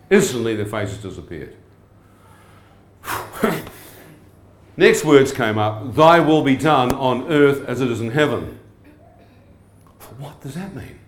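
Joking preacher in an echoey hall. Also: male voice, mid-range voice, normal speed, pauses often. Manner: humorous, asks the crowd frequent questions. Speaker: preacher giving testimony. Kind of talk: lively sermon testimony to a live audience.

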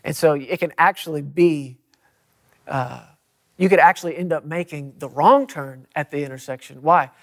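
A man's voice: a little high, normal speed. A man preaching in an emphatic manner, his voice rising when he quotes scripture. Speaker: pastor. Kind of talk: preaching in a church talk.

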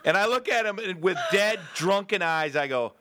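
A man hosting a podcast, telling a story in a casual, profane, animated way and acting out voices. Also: sits high, normal speed, heavy background noise. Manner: animated, profane, acts out voices in his stories. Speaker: podcast host.

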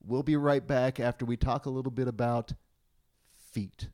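A man hosting a podcast in a casual chat, talking in an animated, wordy way with playful puns. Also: mid-range voice, normal speed. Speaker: podcast host.

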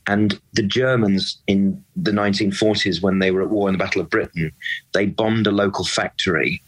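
Deep husky male pundit, fired-up fan energy, emphatic, repeats himself when he gets going. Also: normal speed, low-quality recording. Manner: animated, emphatic, repeats words when worked up. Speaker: football pundit and club fan. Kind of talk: impassioned casual discussion.

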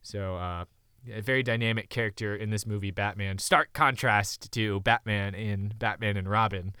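A man in casual conversation about a movie, animated and quick to laugh. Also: fairly low pitch, clean tone, no room sound, clean studio sound.

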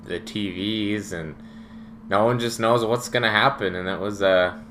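Man, fairly low voice, bright tone, reflective storytelling, faint hiss. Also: moderate pace. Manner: reflective, uses many quoted asides. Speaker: podcast co-host. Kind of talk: casual conversational storytelling.

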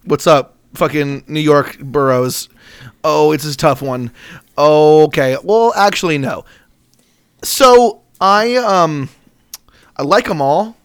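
A man with a slightly higher-than-usual voice riffs on a comedy podcast, crude and playful, spinning out long silly comparisons. He laughs easily and keeps the bits going. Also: animated, slow, long pauses, smooth. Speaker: podcast co-host. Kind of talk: casual comedy podcast chat.

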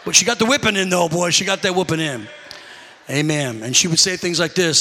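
A man's voice: high voice, fairly quick, bright, forceful tone, in a large hall. A man preaching a sermon, telling stories animatedly and calling out to his congregation. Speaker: pastor.

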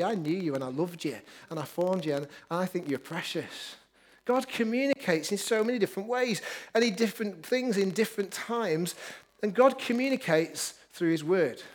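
A man preaching a lively, upbeat sermon, joking with his congregation. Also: high voice. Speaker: pastor.

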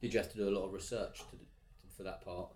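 A man's voice: sits low, steady tone, quick pace, darkish tone, a little hiss or hum. A man interviewing a guest, asking brief, encouraging questions. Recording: roomy, from off-mic.

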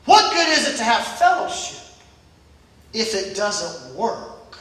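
A pastor preaching a Sunday sermon with emphasis, repeating phrases and building up to shouts. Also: mid-range voice, sing-song, slow pace. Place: church service. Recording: echoey church from far off.

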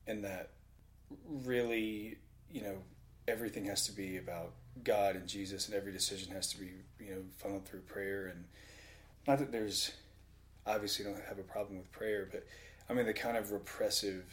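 A man in casual conversation who tells stories in an animated way and laughs often. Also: fairly low pitch.

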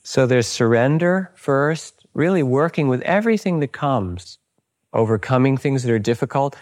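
This man, a meditation teacher, delivers a dharma talk with personal anecdotes, speaking in a calm, gentle, instructive manner without rushing. His voice is mid-range.

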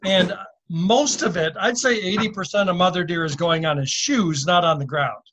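A man's voice: sits high, normal speed, fairly bright tone, slight background noise. A man who is a podcast guest, recounting a story with amusement and laughing as he talks. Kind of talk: casual storytelling. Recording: dull lo-fi audio.

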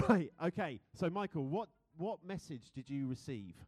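A man's voice: fairly high pitch, animated, moderate pace, mellow. A young British man preaching a sermon, playful and chatty, who laughs easily and leads the congregation in a game. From Britain. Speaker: pastor.

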